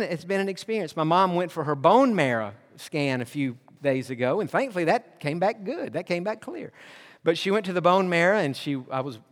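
Earnest pastor in a reverberant hall. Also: male voice, a little high. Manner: earnest, animated storytelling with quoted dialogue. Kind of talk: sermon storytelling.

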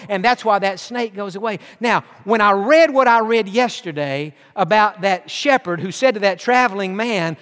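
Folksy preacher, high voice, echoing hall. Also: male voice, moderate pace, few pauses, fairly bright tone. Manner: folksy storytelling with humor and rising emphasis. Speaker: pastor. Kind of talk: sermon. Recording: long hall reverb.

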